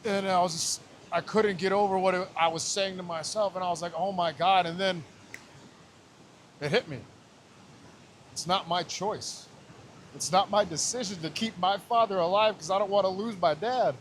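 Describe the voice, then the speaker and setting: Podcast guest, man, thirties, higher voice, emotional and profane storytelling, faint hiss. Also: normal speed, long pauses. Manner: raw, emotional, swears often, retells scenes with quoted voices. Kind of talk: personal storytelling in casual talk.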